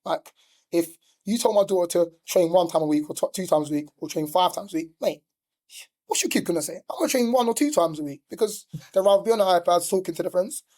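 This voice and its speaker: This former professional player, now a middle-aged youth football coach, speaks fast in a high-pitched, slightly mellow voice with fairly even intonation. He's swapping stories on a relaxed podcast, constantly saying "like" and "do you know what I mean."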